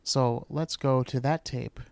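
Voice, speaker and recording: A man's voice: medium pitch, fairly even intonation, slow pace, gravelly, background noise. A man hosting a podcast, giving blunt, sarcastic commentary. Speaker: podcast host.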